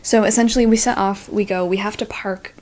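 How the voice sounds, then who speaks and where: Animated young woman telling a story to camera. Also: mid-range voice, a little fast. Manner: animated, self-deprecating, says "like" often. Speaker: book vlogger.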